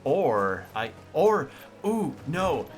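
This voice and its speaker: Joking, lively male game streamer. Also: fairly high pitch, drawn-out words, soft background music. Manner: joking, sarcastic and rambling. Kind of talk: casual gameplay commentary.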